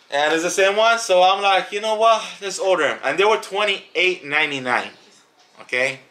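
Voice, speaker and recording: A man giving a casual product review on a family channel, talking in an emphatic, animated way and repeating words for stress. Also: fairly high pitch.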